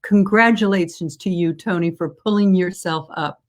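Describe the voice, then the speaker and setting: A woman's voice: on the low side, moderate pace. A woman hosting a live video interview, encouraging her guest and reading out viewer comments. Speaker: host. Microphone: video call.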